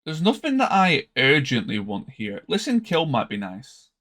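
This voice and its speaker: A man's voice: a little high, wildly swooping pitch, normal speed, a bit bright. Tired man thinking aloud. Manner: thinking aloud, hesitant, trails off. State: tired, yawning. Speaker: streamer. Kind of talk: casual game commentary.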